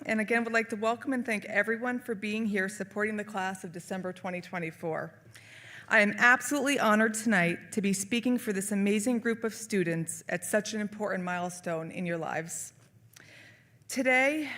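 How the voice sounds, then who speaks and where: A woman's voice: mid-range voice, fairly bright tone. Woman, middle-aged, nursing faculty speaker, earnest inspirational ceremony speech, event hall.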